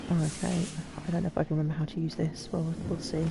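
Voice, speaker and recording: A woman's voice: deep voice, flat delivery, fast talker, vocal fry, noisy background. A woman from the UK streaming a game, chatting casually, hesitant and self-deprecating as she talks to herself. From United Kingdom. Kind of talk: casual live game commentary.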